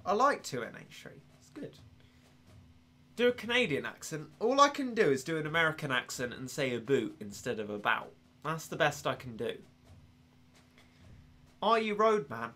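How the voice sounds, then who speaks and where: A young English man chatting casually while he streams a game, rambling and joking at his own expense. His voice is bright and sits on the high side for a man. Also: big pitch swings, moderate pace. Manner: rambling, self-deprecating, laughs often. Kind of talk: casual gaming commentary.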